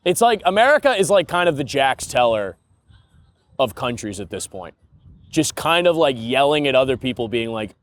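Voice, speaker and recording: A man's voice: mid-range voice, big pitch swings, normal speed. A young man hosting a podcast, rambling through a casual comedic monologue and laughing at his own stories. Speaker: podcast host.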